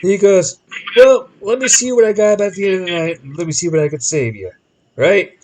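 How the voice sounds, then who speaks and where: A man with a high-sitting voice hosts a podcast, telling a long story fairly quickly in casual chat over a rough recording. He's animated, acting out the people in it with shifting voices, and he rambles, often restarting his sentences.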